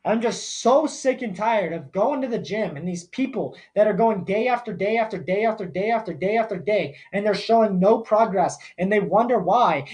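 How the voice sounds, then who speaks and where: A man's voice: high voice, a little mellow. A young man hosting a podcast, delivering a blunt, profane and fired-up motivational rant. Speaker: podcast host.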